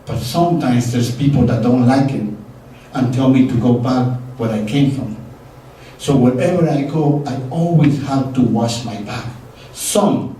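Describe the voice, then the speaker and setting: A man's voice: mid-range voice, warm tone, slight background noise. Earnest middle-aged man, Spanish native, echoey hall. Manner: earnest, heartfelt, acts out dialogue. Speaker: storyteller. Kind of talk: live personal storytelling. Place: stage in a live venue. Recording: very echoey hall, distant mic.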